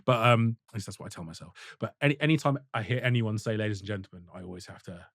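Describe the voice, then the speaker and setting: A man co-hosting a gaming podcast in casual chat, talking in animated, emphatic bursts and laughing often. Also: fairly low pitch, fast talker, dry recording, studio quality. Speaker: podcast co-host.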